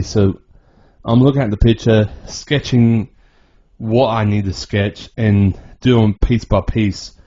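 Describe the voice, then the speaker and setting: A man talks over his own video in a slow, halting way, rambling and restarting his sentences. His voice sits fairly low and sounds dark and mellow. The recording is dull and lo-fi. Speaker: vlogger. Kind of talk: personal voice-over narration.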